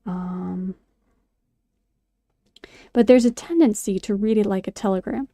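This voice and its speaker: A woman's voice: medium pitch, a little slow, long pauses, mellow, no echo, studio quality. A woman vlogger chatting casually and rambling, with many fillers and restarts. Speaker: craft and poetry vlogger. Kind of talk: casual chat while sculpting.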